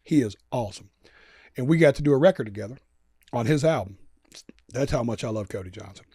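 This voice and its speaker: A man, an animated storyteller who swears freely and acts out quotes in a casual interview. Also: medium pitch, quick pace, slightly rough, dry recording, studio quality. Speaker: guest musician.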